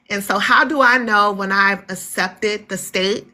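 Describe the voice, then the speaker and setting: A woman in a casual spiritual discussion, speaking in a candid, animated way and often laughing. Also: mid-range voice, measured pace, hardly any pauses.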